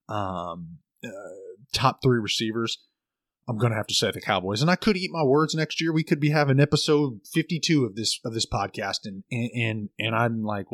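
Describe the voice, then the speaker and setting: A young man co-hosting a sports podcast, talking fast with lots of restarts and repeated words. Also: mid-range voice, no room sound. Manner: animated, stammering restarts. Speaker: podcast co-host. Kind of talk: casual sports chat.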